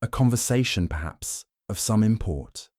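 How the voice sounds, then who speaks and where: A man voicing a polite, probing older detective in an audiobook, smooth and gently insistent. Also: fairly low pitch, lively intonation, normal speed, no room sound, studio quality, pitched above the performer's own voice. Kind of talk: audiobook character voice.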